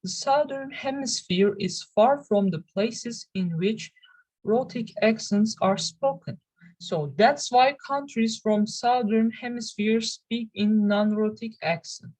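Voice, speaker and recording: Slow, careful young woman presenting. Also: a little high, a little mellow, low-quality recording. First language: Turkish. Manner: careful, halting delivery with restarts. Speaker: student presenter. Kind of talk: reading a class presentation.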